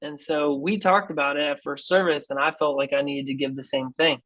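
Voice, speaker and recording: Animated man telling a faith story. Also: a little high, fairly quick, rough recording. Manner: animated and earnest, says "dude" and "like" often; acts out quoted people in his story. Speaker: guest musician. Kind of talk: casual storytelling in a podcast interview.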